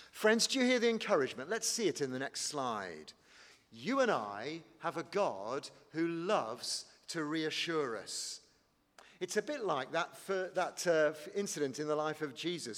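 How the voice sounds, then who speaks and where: A man preaching a sermon in a church, animated and conversational, calling his listeners friends. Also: sits high, long reverb tail.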